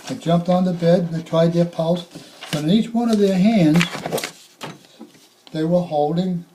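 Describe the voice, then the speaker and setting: An older man, a retired firefighter slowly recounting sad calls, halting and repeating himself. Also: a little high, warm tone, slight background noise, low-quality recording. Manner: halting, reflective, repeats words. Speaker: retired firefighter telling stories. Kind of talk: spoken reminiscence.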